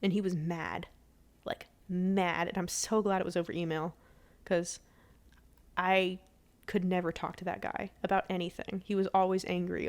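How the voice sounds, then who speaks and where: A young woman vlogger talking casually from bed while gaming, rambling with restarts and acting out quoted speech. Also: on the low side. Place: in bed at home.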